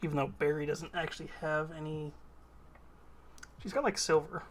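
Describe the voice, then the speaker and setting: A woman streamer chatting casually while painting miniatures, her voice a little hoarse. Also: low-pitched, fairly even intonation, moderate pace, slight background noise. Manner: chatty, talks while working. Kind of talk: casual live-stream chat.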